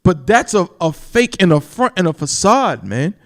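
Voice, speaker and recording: Guy preaching on a livestream, kinda high voice, keeps asking if you understand, drags out the big words. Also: very animated. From New York. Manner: emphatic, repeats "you understand?", stretches key words slowly; reads scripture in a slow, solemn cadence. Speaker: live-stream Bible teacher. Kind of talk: preaching Bible commentary on a live stream.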